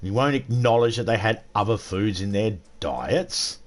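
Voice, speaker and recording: A man's voice: on the low side, animated, normal speed. Sweary Australian man ranting on stream. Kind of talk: casual gaming livestream rant.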